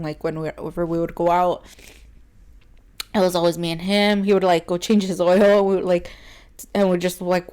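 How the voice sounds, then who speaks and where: Young woman, a bit low-pitched, candid podcast storyteller who fills her speech with "like" and laughs often. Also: clean tone. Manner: chatty, heavy "like" fillers, laughs often between words; earnest and open, turning quiet on painful parts. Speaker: podcast co-host.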